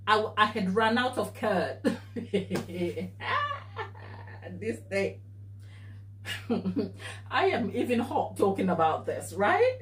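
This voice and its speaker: A woman cake baker telling a story during a live tutorial, animated and expressive and laughing as she talks. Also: mid-range voice, takes it slowly, pauses often. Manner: animated, expressive, often laughing mid-sentence. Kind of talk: casual anecdotal storytelling. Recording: echoey room, voice distant from mic.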